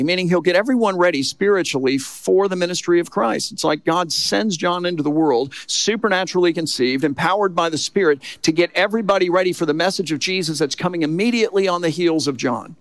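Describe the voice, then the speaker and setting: Talking fast with hardly a pause, a man with a high voice delivers a sermon as a pastor in a dry, studio-quality recording. He preaches emphatically yet conversationally, repeatedly saying "look" and "okay" to engage his listeners.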